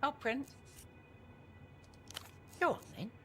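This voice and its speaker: A woman voicing a tiny worm girl creature who lives in a jar, speaking in soft, youthful, polite short replies in video game dialogue. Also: slow, faint music behind.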